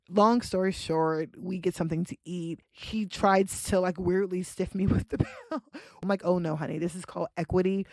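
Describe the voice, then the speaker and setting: A woman's voice: creaky, no echo. A young adult woman hosting a podcast, telling a dating story in a casual, profane way and acting out the quotes. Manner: animated, profane, acts out quotes with big pitch jumps. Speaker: podcast host.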